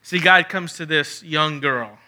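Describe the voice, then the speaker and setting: A man preaching a sermon with a high, very bright voice. He drives his points home by repeating phrases. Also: a little slow. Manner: emphatic, repeats phrases for stress.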